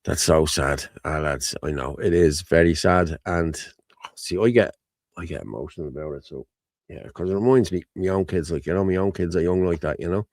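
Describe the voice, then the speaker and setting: Irish man, host, casual livestream chat, emotional and rambling, low voice, dry close sound. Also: moderate pace, darkish tone, dry recording.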